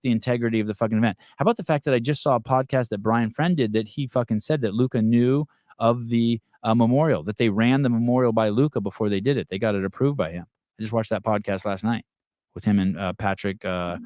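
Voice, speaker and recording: A man's voice: lowish voice, fast talker, darkish tone, dry recording, studio quality. A man hosting a podcast, ranting in casual talk and swearing constantly. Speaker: podcast host. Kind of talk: profane casual podcast rant.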